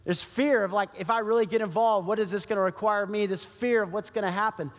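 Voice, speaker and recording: Male pastor, emphatic sermon delivery with repeated phrases, high voice, long hall reverb. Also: steady tone, fast.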